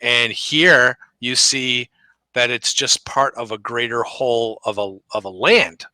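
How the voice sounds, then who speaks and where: A man co-hosting a casual comic book chat, halting with ums and restarts as he gives his opinions. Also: mid-range voice, steady tone, pushed and bright, no echo, rough recording. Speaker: comic podcast co-host.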